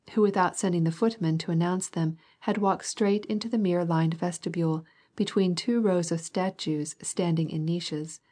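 Low, husky woman narrating a classic. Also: dark tone. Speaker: audiobook narrator. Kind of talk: scripted narration of a classic novel.

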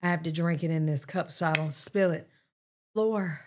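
A woman's voice: deep voice, moderate pace, noisy background. A woman hosting a reaction video, dropping amused, casual comments between clips. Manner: amused, laughing asides. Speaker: reaction channel host.

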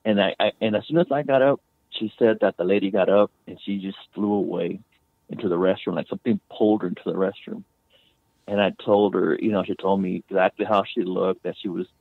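Male guest storyteller, gravel-voiced, rambling and halting, phone-quality line. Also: low voice, dry recording. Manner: rambling, many restarts, fillers like "you know" and "man". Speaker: guest author and medium. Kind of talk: casual storytelling.

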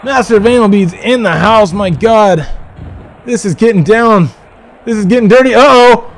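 Excitable high-voiced man calling wrestling. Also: normal speed, soft background music. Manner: excitable, profane, shouting calls. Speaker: livestream host. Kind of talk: excited play-by-play wrestling commentary.

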